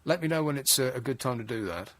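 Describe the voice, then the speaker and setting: A man's voice: medium pitch, lively intonation, fast, a bit bright, no echo. A man hosting a late-night radio phone-in, wry and exasperated, rambling with frequent restarts. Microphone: studio mic.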